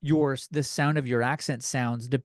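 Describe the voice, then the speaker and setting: A man's voice: medium pitch, fairly even intonation, normal speed, no echo, clean studio sound. A man with a Californian accent hosting a podcast, chatting in a joking, rambling, profane way. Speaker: podcast host. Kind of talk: casual comedic chat.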